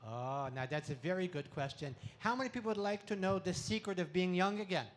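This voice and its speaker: A man giving a playful talk to an audience at an expo, full of deadpan puns and laughter exercises, speaking into a handheld mic. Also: high voice, a little fast. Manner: pun-filled deadpan jokes. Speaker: comedic spiritual speaker.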